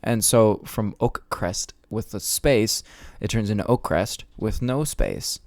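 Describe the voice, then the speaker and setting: A man's voice: fairly low pitch, takes it slowly, a little mellow, dry recording, studio quality. A man hosting his podcast, ranting in a casual, profane, sarcastic and rambling way. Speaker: podcast host.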